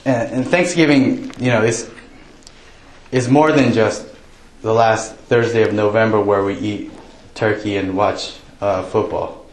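A man's voice: on the low side, fairly even intonation, a little slow. Jokey conversational preacher man, roomy. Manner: conversational, jokey, quotes prayers in raised voice. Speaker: pastor. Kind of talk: sermon. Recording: roomy echo.

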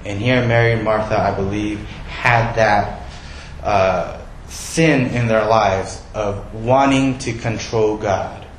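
A man's voice: fairly low pitch, steady tone, takes it slowly, roomy sound, a little hiss or hum, low-quality recording. A male pastor giving a sermon in a conversational way, asking his listeners questions.

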